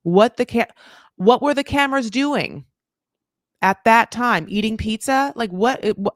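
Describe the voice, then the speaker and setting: A woman's voice: on the high side, measured pace, dry recording, studio quality. A woman hosting a show, chatting casually and giving strong opinions, with many "like" fillers. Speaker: podcast host recapping a reality show. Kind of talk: casual chat.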